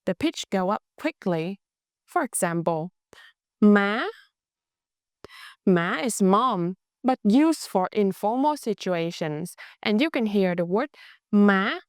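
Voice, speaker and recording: A young woman with a Vietnamese accent teaching a language lesson, speaking slowly and carefully and drawing out words to show how they sound. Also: medium pitch, expressive, no echo, clean studio sound. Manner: slow, careful, exaggerated tone demonstrations.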